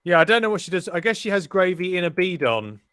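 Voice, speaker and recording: A man's voice: sits high, sing-song, fast talker, a bit bright, clean tone, dry recording, clean studio sound. A man hosting a live race stream, commentating with cheeky, swearing banter.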